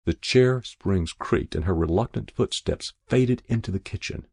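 A man's voice: low-pitched, a little slow, darkish tone, slightly rough, no echo. A man reading a first-person story aloud in a dry narrator's voice. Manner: dry first-person narration, voicing each figure lightly.

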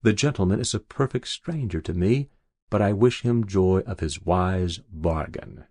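A man's voice: low-pitched, moderate pace, a little mellow, dry recording, studio quality. A man voicing a bitter, raging old miser uncle in an audiobook, scornful and snarling. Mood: sarcastic. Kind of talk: audiobook character voice.

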